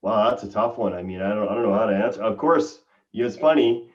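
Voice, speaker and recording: A man's voice: on the low side, lively intonation, fast. Earnest man on a muffled distant call. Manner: enthusiastic, earnest. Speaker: guest. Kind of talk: casual chat. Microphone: video call.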